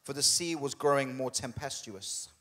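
A man preaching a sermon as a pastor, conversational and humorous, putting on quick voices for the people in his story. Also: mid-range voice, sharp tone, big-room sound. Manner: conversational and humorous, with quoted asides. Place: church hall.

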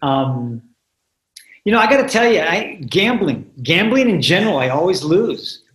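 A man's voice: high-pitched, sing-song, normal speed, fairly bright tone. A man in his sixties, a guest actor, chatting casually in an interview and often repeating words as he thinks. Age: 60s. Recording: roomy echo.

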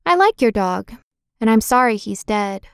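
A woman's voice: a little high, expressive, normal speed, a bit bright, clear, resonant tone, dry recording, clean studio sound. A woman voicing a cheerful, trusting young boy in a storybook reading, friendly and openly affectionate.

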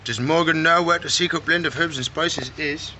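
The owner of a reptile shop vlogs in his pet shop, speaking at a normal speed with a fairly high, sharp-toned voice and fairly even intonation. He chats casually and playfully baby-talks to the animals, with slight background noise present.

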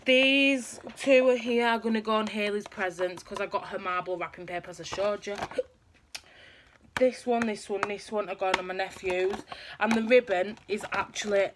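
A woman's voice: mid-range voice, steady tone, moderate pace, background noise. A young woman chatting through a shopping haul in a rambling show-and-tell manner, recorded at home. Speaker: vlogger showing a haul. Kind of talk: casual chat.

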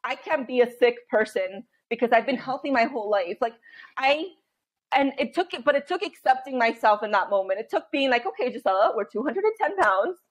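A woman in her thirties, a podcast guest telling candid stories in an animated way, acting out her own inner voice and laughing often. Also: on the high side, fairly quick. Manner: animated storytelling, frequent laughter and quoted inner voice.

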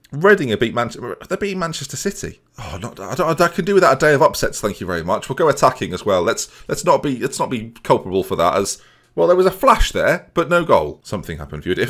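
Fast, lively young man. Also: medium pitch. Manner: sarcastic, rambling, addresses viewers, silly voices. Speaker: gaming YouTuber. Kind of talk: comedic game commentary.

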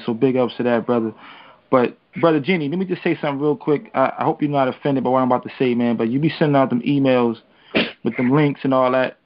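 A man speaking casually on a call-in radio show, rapid and loose, dropping "man" after nearly every phrase. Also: mid-range voice, lo-fi sound.

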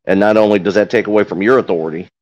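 A corrections veteran with a fairly low, slightly mellow voice and a noticeable regional accent talks very fast on a panel. His casual, plain speech is full of "you know" fillers, and the audio's highs are cut off.

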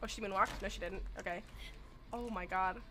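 A woman's voice: medium pitch, fairly quick, slight background noise. A woman streaming a horror game at a desk microphone, chatting casually and breaking into laughs and shrieks. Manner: excitable, laughs and shrieks often. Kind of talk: casual live-stream chat.

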